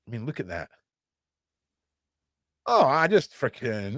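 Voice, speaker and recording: A young man hosting a podcast, chatting excitedly and sarcastically in a casual, slangy way. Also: medium pitch, takes it slowly, long pauses, no room sound. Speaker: podcast host. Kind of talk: casual livestream chat.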